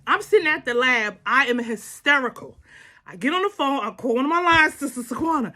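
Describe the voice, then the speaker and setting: A lively woman in her thirties tells a family story straight to her viewers. Her high voice swings widely and sounds bright, and she laughs often as she calls them y'all. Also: a little fast. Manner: animated, laughing, addresses listeners as y'all. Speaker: vlog host telling a family story.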